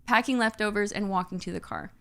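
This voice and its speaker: A woman co-hosting a podcast in casual chat, talking in an animated, chatty way. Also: mid-range voice, quick pace, gravelly. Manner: chatty, animated, trailing off into giggles. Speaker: podcast co-host.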